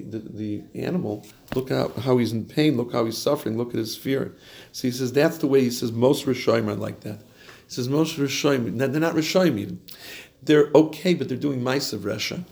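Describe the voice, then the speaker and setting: A man's voice: medium pitch, gravelly, a little mellow, slight background noise. A man teaching an informal Torah class in a chatty, digressive way, chuckling now and then.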